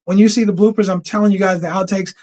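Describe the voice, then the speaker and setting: Here a livestream host talks fast in a high-pitched, steady, slightly mellow voice. He keeps things casual and loose, using slang, laughing and restarting his sentences, all over dull lo-fi audio.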